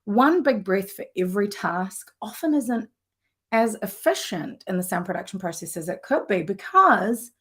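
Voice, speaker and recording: A woman vocal coach teaching a live lesson in an enthusiastic, conversational way, with warm asides. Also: medium pitch, big pitch swings, moderate pace, slightly rough.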